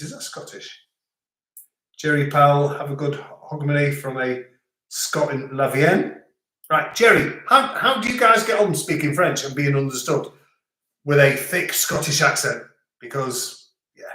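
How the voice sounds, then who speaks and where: A man's voice: a little high, normal speed, sharp tone. A middle-aged man hosting a live stream, chatting casually and rambling as he reads out viewer comments. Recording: echoey room.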